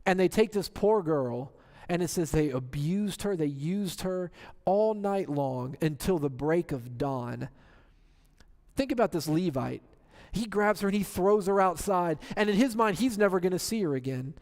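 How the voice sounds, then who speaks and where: A man's voice: sits high, animated, unhurried, a little mellow, long reverb tail. A man preaching a sermon, retelling scripture dramatically and asking rhetorical questions. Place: church sanctuary.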